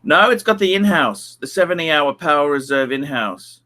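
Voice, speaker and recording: A man's voice: on the high side, expressive, moderate pace, sharp tone. A middle-aged man hosting a casual livestream chat, rambling and repeating his phrases with lots of fillers. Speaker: livestream host.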